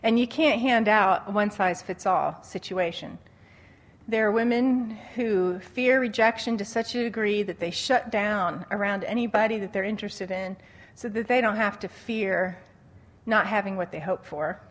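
Animated woman teaching on relationships. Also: mid-range voice, normal speed. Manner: animated storytelling, acting out quotes, laughs often. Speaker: Christian speaker on dating. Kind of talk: conversational teaching talk.

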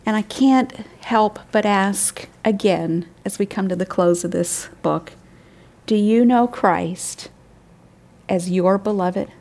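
A woman's voice: slow pace, darkish tone. An older woman with a crackly voice, giving earnest devotional Bible teaching and lifting her voice on words she stresses. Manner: earnest, wondering, pitch rising for emphasis.

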